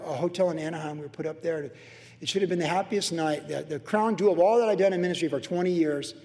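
Middle-aged male pastor, lively verse-by-verse teacher, slightly high voice, long hall reverb. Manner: animated storytelling with acted-out quotes.

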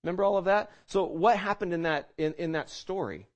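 A man's voice: high-pitched, brisk. A man preaching a conversational sermon, full of rhetorical questions, restarts and asides to his listeners. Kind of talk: sermon teaching.

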